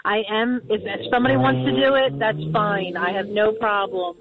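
A woman's voice: mid-range voice, fairly even intonation, moderate pace, crowd noise. A woman calling into a radio talk show, exasperated and emphatic. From Philadelphia area. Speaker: caller. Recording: tinny phone line.

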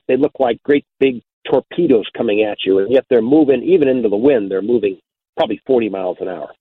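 An older man who hosts an outdoors radio show tells a hunting story in a folksy manner, often repeating words while hunting for the right one. His voice is mid-range, and the dry recording sounds tinny, like a phone.

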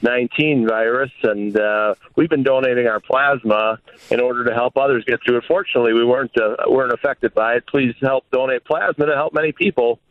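A man calling in to a radio contest, earnest and halting, over a tinny phone line. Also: medium pitch, no room sound. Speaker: caller.

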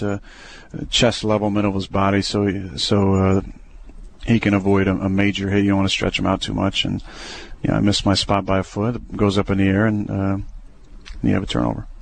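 A young adult man, a quarterback, talking through plays in a relaxed, hesitant way with many fillers and restarts. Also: low voice, brisk, vocal fry. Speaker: football quarterback. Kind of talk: casual radio interview.

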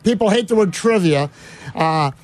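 A man's voice: sits high, expressive, moderate pace, darkish tone. A man hosting a sports radio show, telling rambling stories full of fillers and restarts in casual banter.

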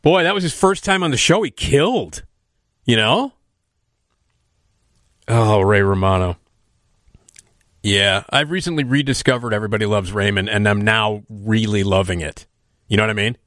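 Bright, enthusiastic radio host man. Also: lowish voice, lively intonation, moderate pace, pauses often, dry recording, studio quality. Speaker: radio talk show host. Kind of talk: casual radio chat.

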